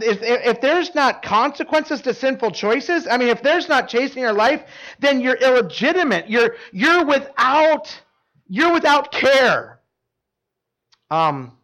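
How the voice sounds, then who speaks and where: A man's voice: high-pitched, fairly bright tone. A middle-aged man preaching a sermon in a conversational way, often repeating words and asking the room questions. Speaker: pastor.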